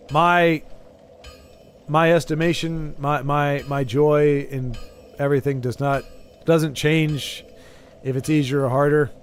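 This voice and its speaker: There's slight background noise behind this man's mid-range voice as he plays a game on stream and talks loosely with viewers. He tends to stammer and begin his sentences again.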